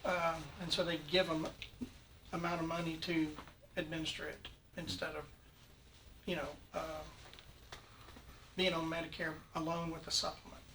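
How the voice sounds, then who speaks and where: A man presenting at a committee meeting, explaining informally and haltingly. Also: a little high, flat delivery, bright, forceful tone. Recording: distant mic, faint noise.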